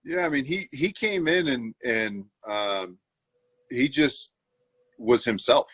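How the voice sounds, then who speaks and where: A male interview guest answering in a relaxed, measured way. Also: medium pitch, slightly rough, no room sound.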